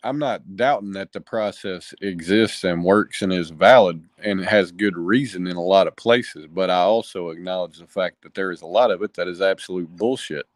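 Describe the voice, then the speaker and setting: A man's voice: sits low, moderate pace, few pauses, dry recording. A man co-hosting a casual stream, blunt and wry, swearing freely. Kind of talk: casual chat.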